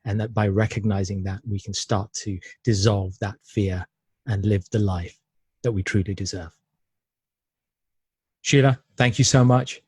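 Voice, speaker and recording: Brief: male interview host, husky, dry close sound, warm affirming chatter. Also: fairly low pitch, fairly even intonation, unhurried, long pauses, dry recording. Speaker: podcast host. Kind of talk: casual interview chat.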